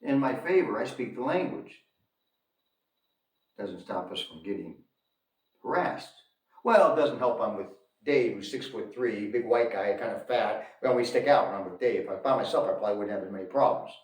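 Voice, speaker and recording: A man's voice: fairly low pitch, animated, normal speed. A man telling a story to his viewers in an emphatic rant, repeating lines for effect and calling them folks. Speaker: commentator on his own channel. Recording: echoey room, distant from mic.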